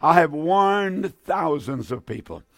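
A fervent man preaching with a high, urgent voice. He challenges his listeners directly and circles back over his own phrases. The sound is dry and close, with no room around it. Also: animated, takes it slowly, fairly bright tone, no room sound. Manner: fervent, repeats phrases, stammering restarts. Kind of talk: fiery sermon.

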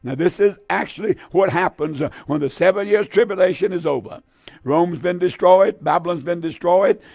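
A man's voice: sits high, normal speed, creaky, a little mellow, dry recording. An older man preaching a fervent sermon with an altar call, pleading with many "uh" fillers and sometimes drifting into song.

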